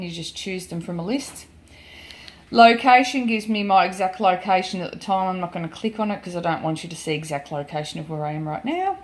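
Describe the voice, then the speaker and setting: An Australian woman vlogger chatting casually and emphatically through a product demonstration, with many ums. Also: lowish voice. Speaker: gold prospecting vlogger.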